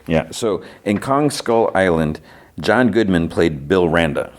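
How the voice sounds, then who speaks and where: A man's voice: low voice, expressive, measured pace. A man hosting a podcast, casually retelling a TV episode in a rambling way, full of fillers and quoted lines. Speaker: podcast host.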